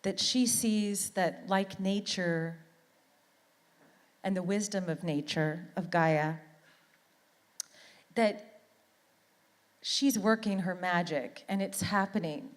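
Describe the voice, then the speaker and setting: A woman's voice: mid-range voice, slow pace, pauses often, big-room sound. A middle-aged woman from Canada giving an earnest, heartfelt motivational talk as a conference speaker, often repeating words for emphasis.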